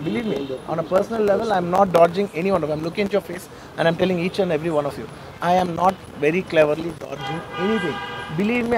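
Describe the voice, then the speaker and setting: A man talks rapidly in a fairly high voice, giving an earnest statement to reporters. He sounds emotional and keeps repeating phrases. Clear background noise from an outdoor garden runs under his voice. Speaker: film actor speaking to the press. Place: outdoor garden during a press meet.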